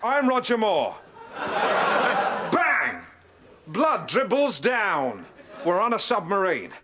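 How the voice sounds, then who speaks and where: A man doing an excitable film-retelling comic character. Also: high-pitched, drawn-out words, full character voice. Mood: gleeful. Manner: animated, acts out scenes with put-on voices. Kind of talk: played comedy clip. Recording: loud noisy played clip.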